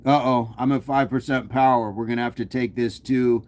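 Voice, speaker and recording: A man's voice: medium pitch, fairly even intonation, normal speed, a little mellow. A man hosting a casual fitness live stream, playful and jokey as he chats with viewers on his phone. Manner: playful, jokey, hypes up the chat.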